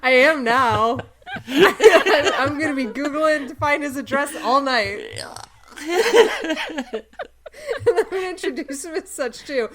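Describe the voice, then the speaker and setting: Giggly high Canadian woman. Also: animated, slow, long pauses, crowd noise. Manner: giggly, laughs often. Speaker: podcast co-host. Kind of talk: casual comedic chat.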